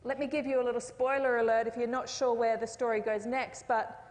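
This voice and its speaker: Female preacher, slightly high voice, relaxed storytelling sermon in a church hall with echo. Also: brisk. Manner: conversational storytelling with jokes and asides. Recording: long reverb of a hall.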